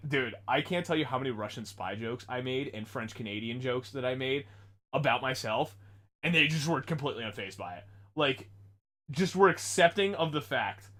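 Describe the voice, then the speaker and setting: A man's voice: medium pitch, animated, normal speed, a bit bright. A young man in casual podcast chat, joking and rambling among friends. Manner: joking, rambling, breaks into silly put-on accents. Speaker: podcast co-host.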